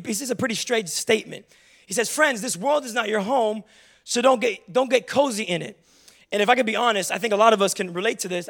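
This young man's voice is high and a bit bright, with some vocal fry, as he delivers a church sermon. His style is humorous and confessional, using personal anecdotes to make his case as a pastor.

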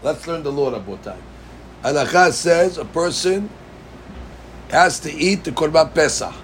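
A man's voice: fairly high pitch, lively intonation, unhurried, a little hiss or hum. A man teaching a Talmud class. He reads the text in a chanting lilt, then explains it plainly and puts questions to his students. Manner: addresses students directly with questions.

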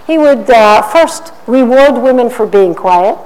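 Animated woman speaking in a hall. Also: on the high side, a little slow. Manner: animated storytelling, mimics others. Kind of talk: public talk with Q&A. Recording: roomy hall, faint ambience.

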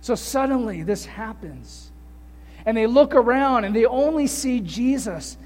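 High-voiced preacher in an echoing hall. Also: male voice, unhurried. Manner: animated storytelling with rhetorical questions. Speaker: pastor. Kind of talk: sermon.

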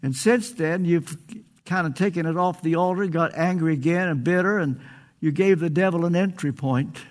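A man's voice: fairly high pitch, normal speed. An older man preaching a sermon, earnest and pleading, stretching out phrases for emphasis.

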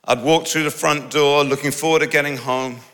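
A middle-aged man preaching a sermon in a lively, conversational way with humorous asides. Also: fairly high pitch, normal speed. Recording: long reverb of a large hall.

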